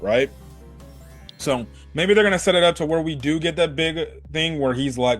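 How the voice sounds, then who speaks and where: A man chatting casually as he reviews an episode, rambling and animated, filling his talk with "like" and "you know". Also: moderate pace, faint music behind. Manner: animated, jumps between high and low pitch. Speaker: anime reviewer.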